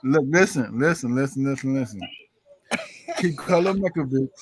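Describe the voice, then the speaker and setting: A man's voice: medium pitch, animated, normal speed, husky, low-quality recording. Man caller who repeats himself. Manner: repeats words while getting going. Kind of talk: call-in sports talk.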